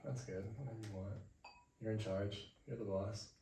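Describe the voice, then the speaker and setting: A young man hosting a podcast, telling a travel story in a relaxed chat at home and acting out the people he met. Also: on the low side, moderate pace. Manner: animated, acts out quoted voices. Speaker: podcast host. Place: indoors at home. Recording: echoey room, mic far off, faint hiss.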